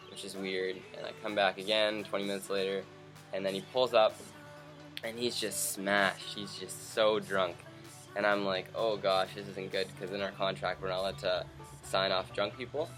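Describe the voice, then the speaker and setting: A young man from Canada casually telling a story to camera for his vlog, acting out the people he quotes. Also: sits low. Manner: animated, acts out quoted people. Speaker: vlogger.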